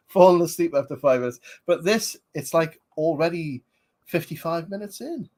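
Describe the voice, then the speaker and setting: A man's voice: a little high, expressive, unhurried, a little mellow. A man, rambling casually as a podcast host reviewing a film, with many fillers. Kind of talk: casual movie commentary.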